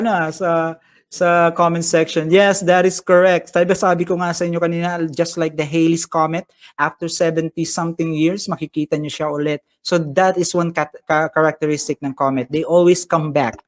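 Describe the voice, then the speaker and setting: A man's voice: fairly high pitch, little pitch movement, brisk. A man with a Filipino accent teaching an online science class, upbeat and chatty as he reads out viewers' comments and mixes in Tagalog phrases. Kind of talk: live-streamed online lesson.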